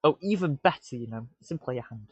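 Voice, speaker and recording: Talking fast with a breathy edge, this medium-pitched male live-coding streamer mutters excitedly to himself, stumbling into stammered restarts. The lo-fi stream audio is dull and fully dry, with no room sound.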